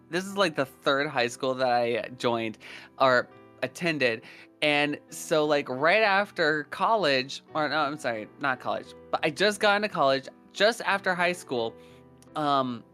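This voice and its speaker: A young man co-hosting a podcast, telling animated, profane stories in casual chat. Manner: animated, swearing, acts out quoted people in a higher voice. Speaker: podcast co-host.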